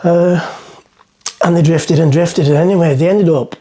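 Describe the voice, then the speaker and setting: This is a vlogger's casual chat to camera: a middle-aged man at the front of a boat, meandering through a joke with plenty of self-mockery. His warm voice sits on the high side, and he speaks at a normal speed with fairly even intonation.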